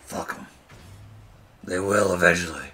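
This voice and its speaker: A man voicing Batman while streaming a game, gruff, boastful and swearing. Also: sits low, unhurried, sharp tone, heavily acted. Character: gravelly growling male Batman, brooding and tough. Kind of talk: streaming gameplay in character.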